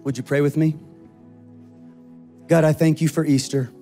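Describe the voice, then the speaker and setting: Animated high-voiced man preaching. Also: moderate pace, soft background music. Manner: animated, acts out quoted voices. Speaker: pastor. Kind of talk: sermon.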